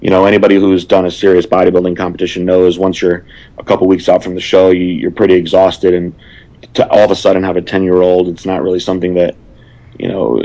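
A man with a very low voice talks plainly and sternly in a casual chat, hesitating with fillers along the way. The audio is dull and lo-fi. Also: warm tone. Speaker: guest.

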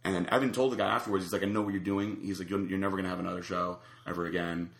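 A man's voice: deep voice, racing, roomy sound. A man casually telling a long anecdote, acting out the other people's lines. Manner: animated storyteller acting out quotes. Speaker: storyteller guest.

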